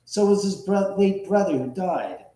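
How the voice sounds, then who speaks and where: A man hosting a live stream pushes his guest with sarcastic, profane jabs. His voice sits fairly high. The room around him sounds echoey. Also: expressive, moderate pace, warm tone. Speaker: livestream host. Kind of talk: casual live-stream chat.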